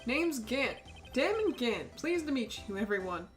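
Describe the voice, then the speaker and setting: A woman's voice: on the high side, very animated, a little slow, faint music behind. Woman putting on a jovial male police chief. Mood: genial.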